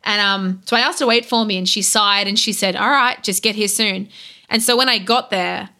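Bright, animated Australian woman. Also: medium pitch, fairly quick. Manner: animated, laughing, acts out game characters' lines. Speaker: podcast guest. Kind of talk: casual podcast chat.

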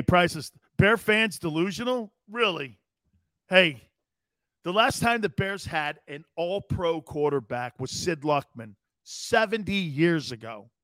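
A middle-aged man from Connecticut hosting a sports radio show, loud and rambling, laughing and doing voices for his stories. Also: sits high, no room sound, studio quality. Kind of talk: animated sports talk.

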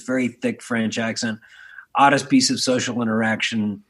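A man's voice: lowish voice, steady tone, normal speed. A man in his forties from Philadelphia, telling stories casually and animatedly in an interview, with lots of restarts and the odd swear word. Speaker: podcast guest, spirits entrepreneur.

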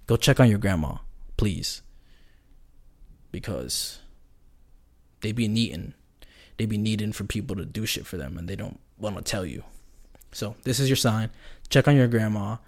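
A man hosting a casual solo podcast, rambling and joking in a slangy way. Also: fairly low pitch. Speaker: podcast host.

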